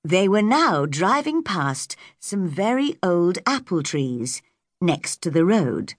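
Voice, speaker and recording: A woman narrating a simplified storybook for learners, in a fairly low voice that moves widely in pitch. She reads slowly and clearly, and the recording is close and dry. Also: big pitch swings, no echo. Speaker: audiobook narrator. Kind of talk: graded-reader storybook narration.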